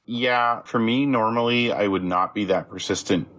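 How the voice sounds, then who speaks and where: A man co-hosting a podcast, talking in a measured, thoughtful, slightly self-deprecating way. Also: on the low side, a bit bright, rough recording. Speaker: podcast co-host. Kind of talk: casual film discussion.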